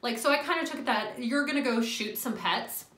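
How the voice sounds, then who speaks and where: A young woman vents through a casual storytime rant, animated and exasperated, dropping swear words and quick laughs. Her voice is bright and sharp and sits a touch high. The recording carries a noticeable room echo. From US Midwest. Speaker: vlogger.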